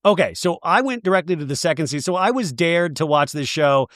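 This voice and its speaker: A man hosting a casual chat, rambling along in an animated way with plenty of "like" fillers. His voice sits a bit high for a man. The sound is dry and close, with no room around it. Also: fairly quick, no room sound. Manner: rambling, animated retelling with lots of "like". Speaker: podcast host. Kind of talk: casual chat about reality TV.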